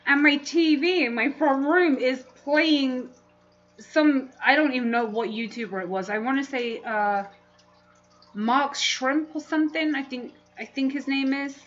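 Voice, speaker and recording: A woman chatting on a casual livestream at an unhurried pace, laughing easily as she reacts to her viewers. Her voice sits a little high. The audio is dull and lo-fi, with a faint hiss underneath. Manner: chatty, laughs often, reads chat aloud. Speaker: livestream host.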